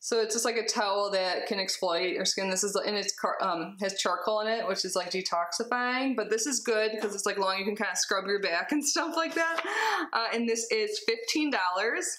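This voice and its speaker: A young woman chatting casually as she unboxes a subscription box at home, bubbly and excitable with giggly asides. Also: medium pitch, moderate pace, echoey room. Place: home, with cats.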